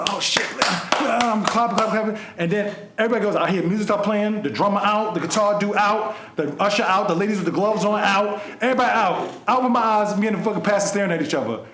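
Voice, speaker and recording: Man, podcast host, animated storyteller, slightly high voice, echoey room. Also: fast talker, hardly any pauses, a little hiss or hum. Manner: animated storyteller, swears freely. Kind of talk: casual storytelling chat.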